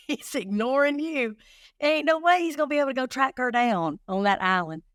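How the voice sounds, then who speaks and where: A woman's voice: high voice, lively intonation, normal speed, a bit bright, no room sound, studio quality, voice pushed up. Woman quoting her blunt doubtful husband. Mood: skeptical. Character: skeptical teasing husband.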